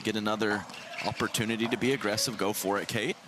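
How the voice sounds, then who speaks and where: A male color commentator breaking down pickleball play, analytical and given to chuckles and restarted phrases. His voice sits fairly low, and loud background noise from the event runs constantly behind him. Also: fairly even intonation, quick pace.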